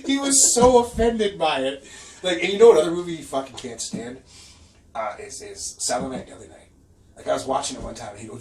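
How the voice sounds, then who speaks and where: A man's voice: on the high side, fairly quick, crowd noise. A man co-hosting a casual podcast, telling profane stories with frequent laughter. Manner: profane animated storytelling, laughs often. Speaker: podcast co-host. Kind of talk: casual chat. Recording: echoey room from a distance, faint noise.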